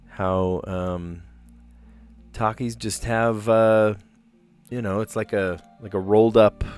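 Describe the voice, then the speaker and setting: An American man hosting a puzzle livestream, chatting casually and rambling, often tagging his points with "right?". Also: lowish voice. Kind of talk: casual chat while solving puzzles.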